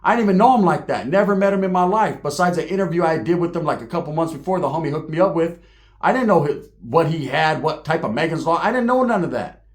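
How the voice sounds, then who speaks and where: A man's voice: fairly high pitch, lively intonation, fast talker. A man hosting his online show, ranting straight at the camera in profane, slangy street talk. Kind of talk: heated direct-to-camera rant.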